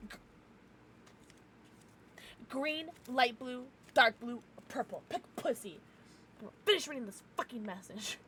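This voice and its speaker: A young woman streamer chatting casually with her viewers from a home setup, loud, giggly and profane, her nose stuffed up from crying. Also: fairly high pitch, animated, measured pace, pauses often, slight background noise. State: congested from crying. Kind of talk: casual livestream chat.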